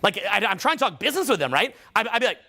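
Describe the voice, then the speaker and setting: A vocal coach runs a live workshop for students, racing through his explanations with some vocal fry. His voice is high for a man, bright and forceful, and he stays animated, bursting into loud demonstration voices as he goes.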